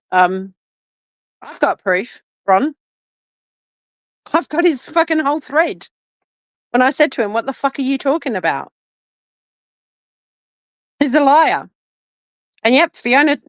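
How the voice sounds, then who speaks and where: A woman's voice: sits high, expressive, measured pace, long pauses, dry recording. A woman, furious and swearing nonstop in a livestream rant, shaking with anger. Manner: furious, swearing constantly, repeating demands. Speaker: live streamer.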